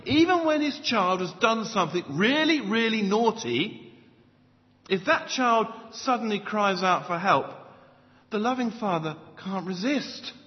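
A man preaching a sermon in a church, emphatic, with loud stresses and soft low asides. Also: animated, measured pace. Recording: dull lo-fi sound with long hall reverb.

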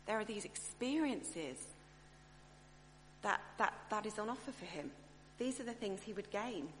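A woman preaching a sermon in a chatty, expressive way, often breaking off and restarting her thoughts. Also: medium pitch, unhurried. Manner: chatty, expressive, self-interrupting. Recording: echoey hall, faint hum.

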